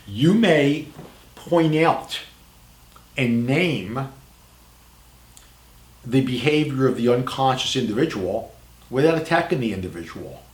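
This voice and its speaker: A man hosting a podcast, speaking in a calm, measured, reflective monologue with deliberate pauses. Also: medium pitch, reverberant. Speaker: podcast host.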